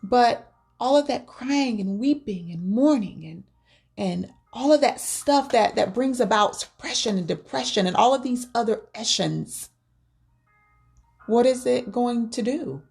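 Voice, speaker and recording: A woman's voice: fairly high pitch, animated, unhurried, creaky, a little mellow, faint music behind. A woman vlogger giving earnest, faith-based advice on grief, often repeating words as she searches for them. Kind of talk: personal spoken advice.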